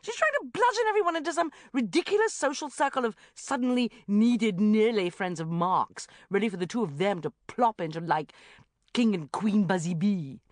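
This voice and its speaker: A brusque, indignant woman friend, read by a woman narrator speaks forcefully and fast. Her pitch stays near the reader's own but jumps about. Recorded dry and close. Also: lively intonation, no room sound, lightly acted.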